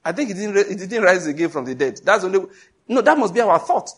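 A middle-aged Nigerian-accented man preaching with a husky, slightly raised voice. He drives his points home emphatically and tells stories in an animated way, throwing rhetorical questions at the congregation. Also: high voice, a little fast. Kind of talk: sermon.

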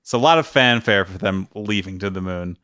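A man with a low voice co-hosts a casual film discussion, walking through scenes and chuckling as he goes. The sound is dry and close, with no room around it. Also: fairly quick, pushed and bright, smooth, no room sound. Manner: chuckles often while recapping scenes. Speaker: podcast co-host.

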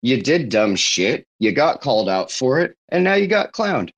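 A man's voice: medium pitch, very animated, normal speed. A man in a casual online audio chat, talking bluntly and dismissively with lots of swearing. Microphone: online audio call.

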